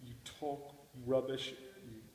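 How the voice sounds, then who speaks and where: A man's voice: medium pitch, fairly even intonation, takes it slowly, darkish tone. A man speaking as a student in a class discussion, hesitant and restarting his sentences, with an easy laugh. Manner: hesitant, laughing, stumbles over words. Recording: echoey room with long reverb.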